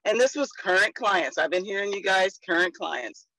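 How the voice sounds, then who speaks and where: Excited woman on a video call. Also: mid-range voice, normal speed, dry recording, rough recording. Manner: excited, gushing. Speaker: insurance agent. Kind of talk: casual video call update.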